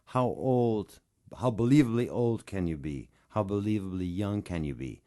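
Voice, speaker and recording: A man's voice: fairly low pitch, lively intonation, moderate pace, dark tone. A man being interviewed as a guest voice actor, answering thoughtfully and reflectively about his craft.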